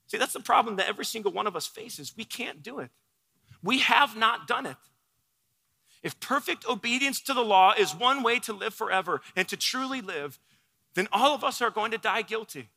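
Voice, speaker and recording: A man's voice: high voice, animated, moderate pace, gravelly, bright, forceful tone, big-room sound. A man preaching a sermon, earnest and explanatory, who asks his listeners questions as he works through a passage. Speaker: pastor.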